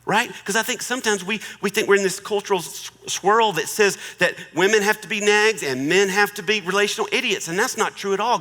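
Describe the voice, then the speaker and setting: A man's voice: high-pitched, big-room sound. A middle-aged man giving a humorous marriage talk in a joking, conversational way. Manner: joking, conversational, warmly persuasive. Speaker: marriage speaker.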